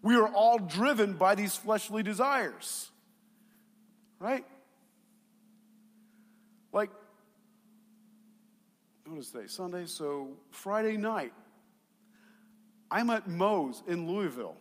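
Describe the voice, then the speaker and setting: A middle-aged male pastor preaching a sermon, telling a personal story in an animated way, with quiet asides that build to shouts. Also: high-pitched, takes it slowly, long pauses. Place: church sanctuary. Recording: long hall reverb.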